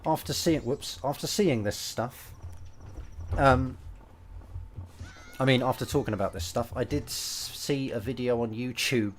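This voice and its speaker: A man's voice: medium pitch, unhurried, long pauses, a little hiss or hum. A British man giving casual, opinionated commentary while streaming a game. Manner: chatty, opinionated, rambling asides.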